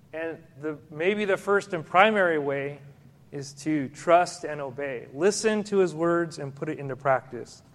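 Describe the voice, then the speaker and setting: A man's voice: on the high side, long reverb tail. A man preaching a sermon as pastor, speaking in a conversational way and putting questions to the congregation.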